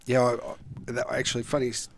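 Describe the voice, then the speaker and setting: A man's voice: medium pitch, brisk, creaky, noisy background. A man with an Australian accent, a former footballer telling stories as a guest in a casual chat, acting out what people said. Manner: animated yarn-spinning, acts out quotes. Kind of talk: casual storytelling.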